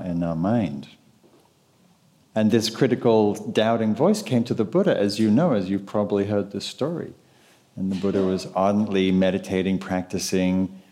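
A man teaching meditation in a live talk, speaking in an unhurried, conversational way and often asking the audience questions. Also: sits low, mellow.

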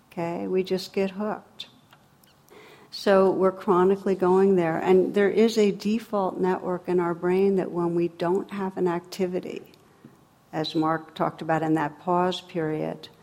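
A woman giving a reflective talk on meditation in a relaxed, conversational way, with dry sarcasm and frequent laughs. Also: lowish voice.

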